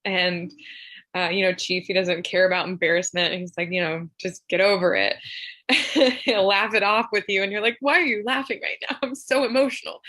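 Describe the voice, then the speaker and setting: A young woman from Tennessee sharing a heartfelt personal remembrance over a video call, soft and emotional, with frequent laughs and fillers. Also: medium pitch, dry recording, low-quality recording. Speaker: memorial speaker.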